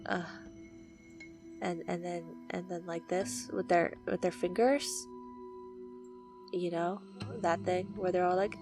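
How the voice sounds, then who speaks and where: A woman's voice: on the low side, steady tone, slow pace, long pauses, over music. A woman hosting a gaming video, casually retelling her playthrough in a rambling, playful way, often hunting for words. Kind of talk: casual story retelling of a game.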